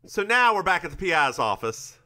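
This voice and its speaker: Fairly quick and high-voiced, a man co-hosts a laid-back podcast conversation. He's an animated storyteller who acts out what people said.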